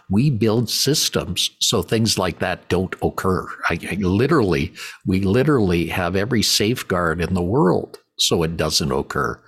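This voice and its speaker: Casting: middle-aged male host, very low husky voice, halting and emphatic. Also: a bit bright. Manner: halting, repeats words, emphatic. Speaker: podcast host. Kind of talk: interview conversation.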